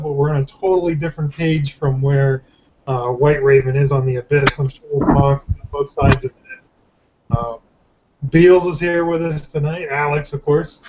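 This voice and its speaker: Mellow-voiced joking podcast host, a man. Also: on the high side, a little hiss or hum. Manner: joking, rambling with restarts. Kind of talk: casual chat. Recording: dull lo-fi recording.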